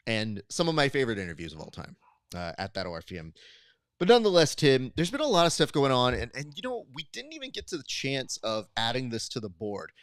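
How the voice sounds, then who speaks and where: A man's voice: medium pitch, a little fast, smooth, no echo, clean studio sound. Upbeat male podcast host. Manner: animated storyteller, acts out quoted exchanges. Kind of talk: casual podcast chat.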